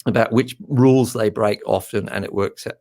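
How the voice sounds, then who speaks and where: A man's voice: on the low side, steady tone, brisk, a little mellow. A middle-aged man hosting a casual live stream, chatty and a little nervous, with lots of fillers.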